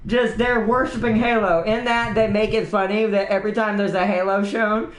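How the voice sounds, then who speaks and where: High-voiced rambling gaming streamer man. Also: fairly even intonation, moderate pace, roomy sound. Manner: rambling and enthusiastic, laughs often. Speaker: streamer host. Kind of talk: casual gaming livestream chat.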